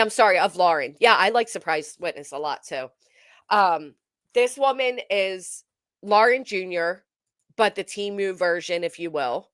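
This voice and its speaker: A woman's voice: fairly low pitch, fairly bright tone, clean tone, dry recording, studio quality. A woman hosting a casual commentary livestream, reading viewer comments aloud and answering them with lots of ums and uhs. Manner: chatty, reads viewer comments aloud and replies; hesitant, frequent um and uh fillers. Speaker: commentary channel host.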